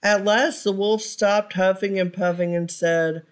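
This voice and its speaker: A woman reading a children's picture book aloud for storytime, pausing to ask her listeners questions. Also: lowish voice, fairly even intonation, smooth.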